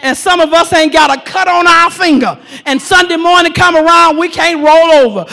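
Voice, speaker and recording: A woman preacher delivering a sermon, shouting and repeating lines for emphasis. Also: very high-pitched, normal speed, hardly any pauses, long reverb tail.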